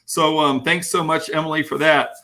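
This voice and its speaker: A man giving an energetic live-streamed motivational talk as a keynote speaker, greeting viewers by name as he reads their comments. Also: a little high, moderate pace, a little hiss or hum.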